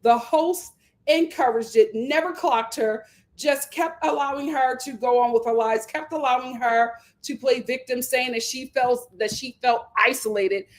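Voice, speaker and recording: A young adult woman hosting a reality TV recap, talking in an animated, sarcastic way and mocking the people she discusses. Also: high-pitched, unhurried. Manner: animated, sarcastic, mocking impressions, breaks into laughter. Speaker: commentary channel host.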